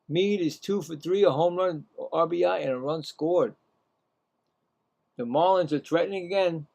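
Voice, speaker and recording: A man giving casual, rambling live baseball play-by-play, chatting to himself between pitches and rising sharply in pitch on the calls. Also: gravelly, a little mellow. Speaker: play-by-play commentator.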